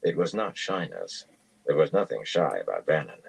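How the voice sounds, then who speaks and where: Male audiobook reader: very low pitch, husky, steady and measured. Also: low-quality recording. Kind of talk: reading a fantasy novel aloud.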